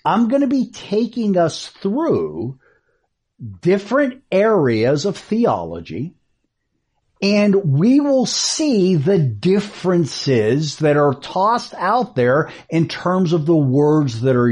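Slow, lively Bible teacher. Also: mid-range voice, breathy edge. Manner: emphatic, repeats key phrases, asks rhetorical questions. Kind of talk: teaching a lecture series.

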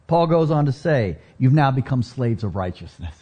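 A man's voice: medium pitch, big pitch swings, normal speed, few pauses, mellow. A man preaching a sermon to his congregation, explaining scripture with rhetorical questions and rising to emphatic peaks. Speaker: pastor.

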